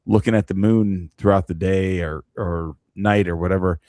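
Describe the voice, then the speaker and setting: A man chatting on a podcast in a hesitant, uneasy way. His voice is low and recorded dry. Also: fairly even intonation, moderate pace, warm tone, no echo. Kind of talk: casual podcast chat.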